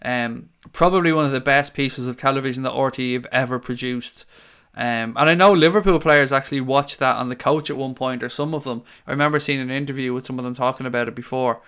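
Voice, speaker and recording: A man's voice: mid-range voice, steady tone, fast talker, fairly bright tone, smooth. A young man hosting a fan stream, reading the live chat aloud and answering viewers in a chatty, sweary way. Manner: chatty, swears freely, calls viewers mate.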